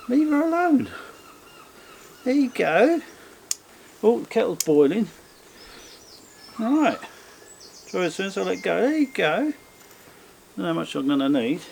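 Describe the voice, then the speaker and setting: A man vlogging outdoors in his garden, his voice bouncing around a lively, wide pitch range. He rambles in a self-mocking way and keeps breaking into high coaxing pet talk. The outdoor recording carries plenty of background noise. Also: creaky. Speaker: bushcraft vlogger. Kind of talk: casual chat while working outdoors.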